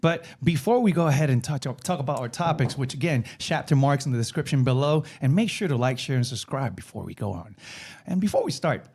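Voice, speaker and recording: A man in a middle pitch range co-hosts a podcast in a loose, casual way. He often trails off while searching for a word. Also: lively intonation, brisk, darkish tone, breathy edge. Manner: loose, gropes for words. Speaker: podcast co-host. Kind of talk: casual chat.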